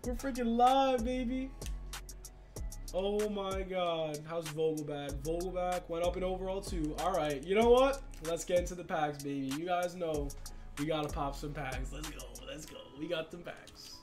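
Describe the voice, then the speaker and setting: A young man commenting on a sports video game, hyped and slangy, swinging from shouts to mutters. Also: high-pitched, moderate pace, faint music behind. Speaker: gaming YouTuber.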